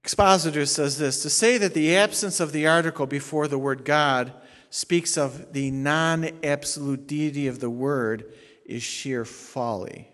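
Guy pastor teaching a sermon, bit high voice, lots of hall echo, hammers his points. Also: unhurried, fairly bright tone. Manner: explains Greek grammar point by point, emphatic. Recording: long hall reverb.

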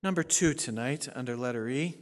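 A male pastor preaching a sermon, swinging from loud, fiery emphasis to hushed, low asides. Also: fairly quick, in a large hall.

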